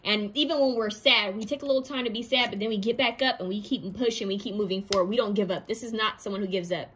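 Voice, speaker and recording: A woman gives a pick-a-card tarot reading fast and chattily, in a medium-pitched voice with a little hiss or hum. Lively and intuitive, she often says what she is hearing and acts out quoted voices.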